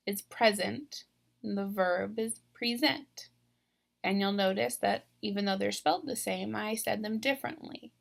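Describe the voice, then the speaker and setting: A woman's voice: medium pitch, vocal fry. A woman teacher walking students through a word sort step by step, patient and thinking aloud as she goes. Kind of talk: instructional video walkthrough.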